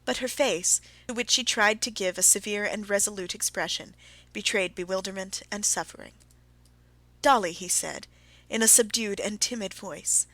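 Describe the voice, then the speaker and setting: In a measured, expressive reading, a woman narrates a classic novel as an audiobook. Her voice sits in the mid-range, and the recording is dry.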